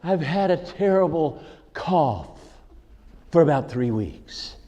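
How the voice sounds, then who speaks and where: A frail, fussy old barber who wheezes and half-whispers his words, put on by a man. His pitch jumps about as he frets. A long hall echo trails behind him. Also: expressive, takes it slowly, dark tone. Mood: fretful. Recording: echoey hall.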